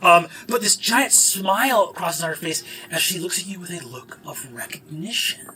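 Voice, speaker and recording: A man's voice: high voice, moderate pace, crowd noise, poor audio. A man running a tabletop game as game master, narrating playfully and acting out the creatures. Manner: animated, playful, acts out creatures.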